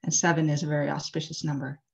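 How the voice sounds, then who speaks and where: Woman interfaith leader, low voice, casual chatty sermon delivery, muffled video call sound. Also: flat delivery, quick pace, gravelly, a little mellow. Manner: casual, chatty, many "like" and "uh" fillers. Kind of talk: storytelling sermon. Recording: dull lo-fi video call audio.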